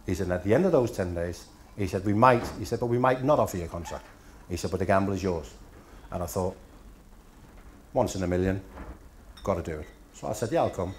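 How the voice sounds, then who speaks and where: A man's voice: low-pitched, darkish tone, slight background noise. A man in his fifties from Denmark, a Danish native speaker, telling after-dinner stories with dry punchlines at a hotel function room dinner.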